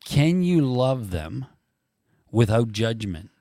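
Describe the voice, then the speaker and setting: A man hosting a faith conversation, reading quotes slowly and emphatically like a preacher. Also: medium pitch, very animated, dark tone. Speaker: podcast host.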